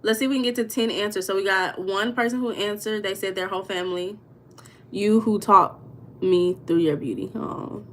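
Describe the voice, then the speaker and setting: A woman's voice: mid-range voice, fairly even intonation, normal speed, fairly bright tone. An American woman hosting a casual live stream, greeting viewers by name and answering their comments. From United States. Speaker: livestream host reading viewer comments.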